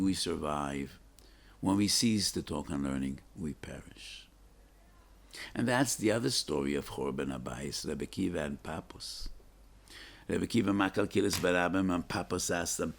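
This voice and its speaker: A deep-voiced older man gives a Torah talk as a rabbi. His voice is husky and worn, and he tells stories with fervor. He leans into sudden emphatic rises and lets dramatic pauses hang.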